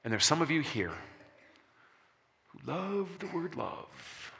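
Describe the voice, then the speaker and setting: Male pastor preaching, unhurried with bright, lively delivery, sermon in a church hall with long reverb. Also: a little high, gravelly, slight background noise. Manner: animated preaching, slows for emphasis, drops soft on key words.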